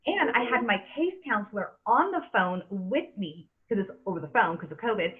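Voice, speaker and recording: A woman in her thirties hosting a casual podcast, earnest and emphatic, stumbling over repeated words as she presses her point. Her voice sits at an ordinary pitch. The sound is thin and tinny, like it is coming down a phone line. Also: animated, normal speed. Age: 30s. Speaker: podcast host.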